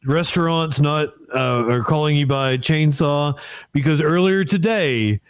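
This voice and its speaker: A man's voice: on the high side, unhurried, clean tone, no room sound. Man chiming in with dry questions. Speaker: livestream host. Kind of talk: casual chat.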